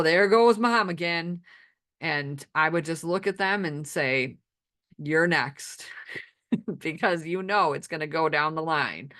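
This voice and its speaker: A woman with a somewhat low voice tells funny family stories in a stand-up style. She is playful and self-deprecating, and her delivery is animated. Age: adult with children. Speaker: amateur comedian.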